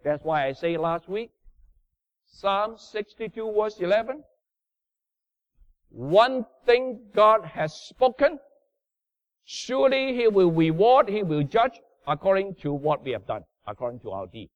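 High-voiced preacher man, emphatic, lo-fi. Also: lively intonation, measured pace, dry recording. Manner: emphatic, swinging between loud bursts and low murmurs; non-native English grammar. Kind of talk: sermon. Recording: dull lo-fi sound.

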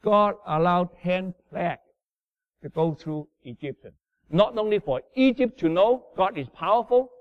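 A man preaching a sermon in non-native English, emphatic, swinging from loud bursts down to low murmurs. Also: measured pace, no room sound. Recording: dull lo-fi sound.

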